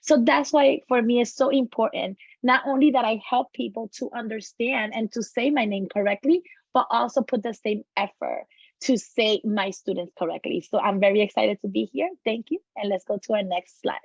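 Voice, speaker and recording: Earnest Puerto Rican woman, higher-pitched. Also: fairly even intonation, normal speed, gravelly, slightly rough, no room sound, dull audio. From Puerto Rico. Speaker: paraeducator. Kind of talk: casual presentation.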